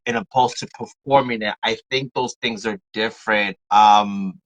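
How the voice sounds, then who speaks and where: Male host, bright and punchy tone, mid pitch, relaxed, rambling questions full of "like" and "yo". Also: poor audio. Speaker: podcast host. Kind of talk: casual interview chat.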